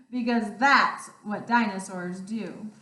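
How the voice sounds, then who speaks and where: A woman teacher reading picture books aloud, expressive and playful, with roars. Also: on the high side, measured pace. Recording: roomy sound, distant mic.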